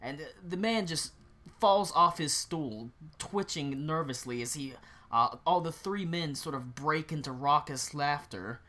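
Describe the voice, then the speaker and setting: A man's voice: on the high side, measured pace, sharp tone. A man narrating as game master in a tabletop game, rambling with many fillers.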